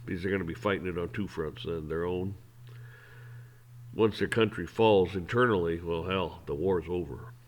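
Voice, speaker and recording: A man's voice: low voice, normal speed. A man hosting an opinion show, ranting in a blunt, heated, profane way. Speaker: host. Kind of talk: opinion rant.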